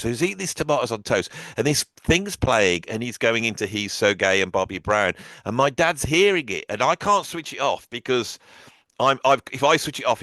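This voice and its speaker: A man in a casual music conversation, telling anecdotes in a lively way and acting out what others said. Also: mid-range voice, no echo. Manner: animated storyteller, acts out quotes.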